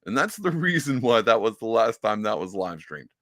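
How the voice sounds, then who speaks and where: Animated man commenting on a clip. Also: lowish voice, moderate pace, no echo, clean studio sound. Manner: animated, mocking impressions, lots of fillers. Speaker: podcast host. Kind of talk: casual commentary.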